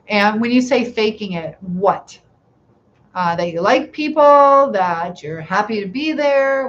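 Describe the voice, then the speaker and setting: A middle-aged woman hosting a live chat, reading out viewers' comments and answering in a gentle, reassuring way, asking many questions. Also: lowish voice. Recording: slightly dull lo-fi sound, faint room noise.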